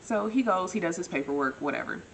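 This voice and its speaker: A young woman vlogger telling a dating story in a relaxed, self-mocking way, jumping up in pitch to act out what people said and laughing at herself. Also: quick pace, vocal fry, slight background noise, low-quality recording. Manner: animated, acts out quotes with big pitch jumps. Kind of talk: casual storytelling.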